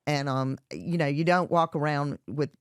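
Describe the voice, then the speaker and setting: A woman's voice: deep voice, moderate pace, smooth, dry recording. Chatty Southern woman, dry sound. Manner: chatty, lots of fillers and restarts. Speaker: guest, chef and entrepreneur. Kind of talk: casual interview talk.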